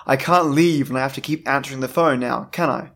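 A man's voice: medium pitch, brisk, a bit bright. A man voicing an unbothered young farm boy with a Canadian accent, matter-of-fact and exasperated.

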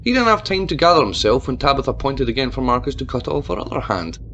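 A man narrating a story in a measured, expressive reading style. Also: medium pitch, dull audio, a little hiss or hum. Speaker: audiobook narrator. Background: faint guitar music.

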